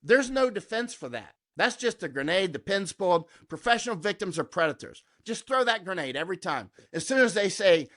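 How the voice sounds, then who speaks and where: In a conversational interview, a middle-aged war correspondent from the United States speaks in a high, very animated voice, a bit bright and a little fast, with few pauses. His delivery is combative and emphatic, and he keeps tagging his points with "right?"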